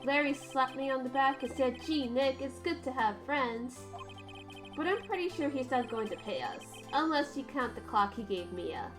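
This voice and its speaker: A woman's voice: high-pitched, expressive, moderate pace. A woman voicing a young male rookie lawyer who narrates his story in a reflective way. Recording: game music behind.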